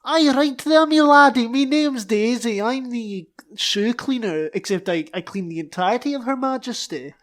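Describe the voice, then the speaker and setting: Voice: mid-range voice, normal speed, few pauses, pitched above the performer's own voice, natural voice. A tabletop player voicing an eager female cleaner who talks in a broad brogue and says "me laddie". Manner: loud, eager, dialect 'me laddie'.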